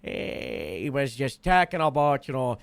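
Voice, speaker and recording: Gravelly man rambling through a story. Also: medium pitch, very animated, a little slow, no room sound. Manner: rambling, many filler uhs and restarts. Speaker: roleplay game character being interviewed. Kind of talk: in-character casual storytelling.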